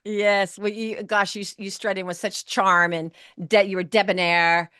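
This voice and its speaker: A woman's voice: mid-range voice, level tone, measured pace, pushed and bright, clear, resonant tone, no room sound. Effusive woman hosting a podcast, dry sound. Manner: effusive, gushing praise with restarts. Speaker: podcast host and producer. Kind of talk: warm enthusiastic interview chat.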